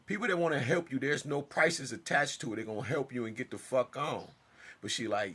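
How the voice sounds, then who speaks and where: A man telling a personal story in a casual monologue, emphatic and swinging from loud outbursts to hushed asides. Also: mid-range voice, animated, a little fast, breathy edge. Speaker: storyteller vlogger.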